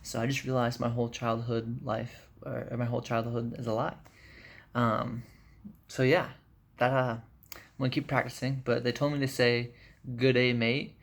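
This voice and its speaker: A man's voice: mid-range voice, moderate pace, creaky. A jet-lagged man giving a rambling, casual vlog update from a hotel room, full of fillers. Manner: rambling, filler-heavy, relaxed chat. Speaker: vlogger.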